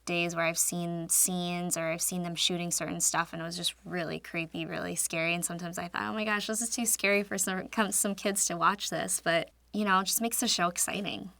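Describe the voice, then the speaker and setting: A woman's voice: fairly low pitch, steady tone, fairly quick, vocal fry, few pauses, sharp tone, no echo. A woman speaking earnestly in a casual interview.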